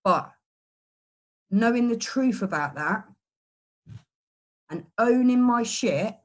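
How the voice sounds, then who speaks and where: A middle-aged woman giving an earnest personal testimony, halting and full of restarts and fillers. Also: on the high side, animated. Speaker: person in recovery sharing a story.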